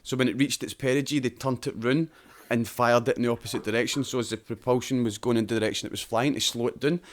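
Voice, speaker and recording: Scottish man, podcast host, casual chat, swears a lot, animated explanations, mid-pitched voice. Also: quick pace. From Scotland.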